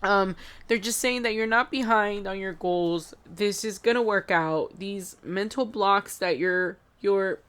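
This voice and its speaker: A woman giving an intuitive tarot reading, talking haltingly with many fillers and sounding choked up, near tears. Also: medium pitch, a bit bright, clear, resonant tone. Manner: halting, filler-heavy, emotional, addresses viewers as guys. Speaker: tarot reader.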